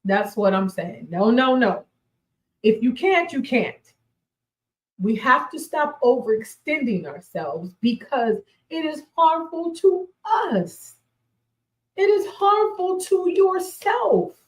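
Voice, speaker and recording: Slow, emphatic woman host, roomy sound. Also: high-pitched, very animated. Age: 40s. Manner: emphatic, repeats key phrases, laughs often. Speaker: radio show host. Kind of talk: faith-based motivational talk.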